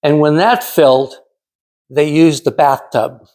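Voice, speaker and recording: A man's voice: on the high side, darkish tone. Man in his 60s telling a story. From California. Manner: measured, dramatic storytelling with pauses. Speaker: club speaker. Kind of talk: prepared storytelling speech.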